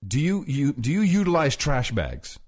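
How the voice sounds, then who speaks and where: Animated rambling man, lively pitch. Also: normal speed. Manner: rambling, animated, laughs often. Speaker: podcast co-host. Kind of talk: casual chat. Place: rented apartment abroad.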